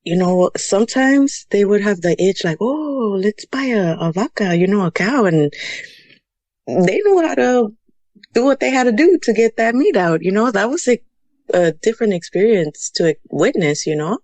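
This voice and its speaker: A woman's voice: mid-range voice, animated, normal speed, darkish tone, dry recording. Woman, thirties, from Houston, casual storyteller, chatty, Spanish words mixed in, dead-dry studio sound. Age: 30s. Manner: chatty, mixes in Spanish words, frequent "you know". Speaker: podcast guest.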